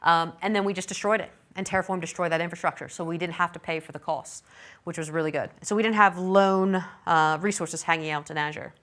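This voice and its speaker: A middle-aged woman giving a technical conference talk, chatty and self-deprecating, with quick apologetic asides. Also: fairly low pitch, fairly even intonation, a bit bright. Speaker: conference speaker.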